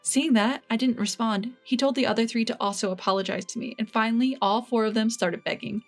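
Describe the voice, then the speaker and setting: A woman narrating a first-person family story in an even, measured way. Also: a little high, faint music behind.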